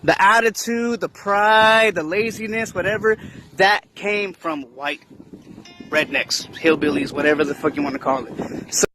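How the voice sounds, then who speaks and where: A man talking casually and slowly, peppering his points with slang and a constant "right?". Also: sits high, pushed and bright, faint music behind. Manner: slangy, keeps asking "right?". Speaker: commentator in a clip. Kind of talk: casual monologue.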